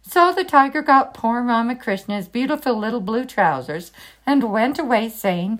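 A woman telling a children's story aloud in a fairly high, very lively voice. She reads expressively and draws the listener in with questions. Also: measured pace.

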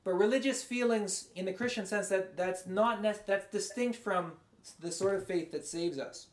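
A man giving a conversational, rambling sermon as a pastor, his voice going a bit hoarse. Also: high voice, normal speed, roomy sound. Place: large room, speaking to a congregation far away.

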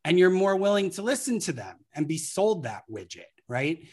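Storytelling marketing guest, mid pitch. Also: sing-song, normal speed, darkish tone, husky. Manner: anecdotal, acts out scenarios. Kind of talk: casual interview talk.

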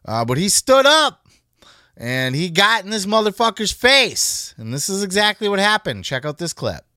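A man's voice: high-pitched, sing-song, normal speed, sharp tone, dry recording. A man hosting a podcast, talking casually in a heated, profane rant. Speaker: podcast host. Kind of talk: casual chat.

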